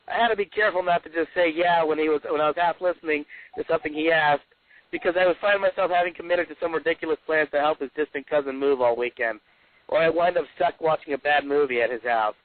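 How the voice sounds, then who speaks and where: A man's voice: fairly high pitch, quick pace, no room sound. A man, the author guest, chatting casually and reading excerpts aloud with folksy, rambling asides. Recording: dry tinny phone-like line.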